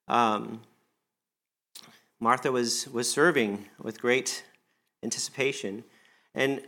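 Earnest man preaching a sermon. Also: a bit bright. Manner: conversational, earnest, often acts out quoted lines with rising pitch. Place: church service.

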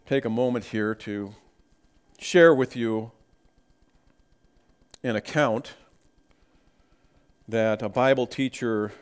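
A man preaching a sermon, talking slowly and deliberately and rising into emphatic bursts. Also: medium pitch, smooth. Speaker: pastor.

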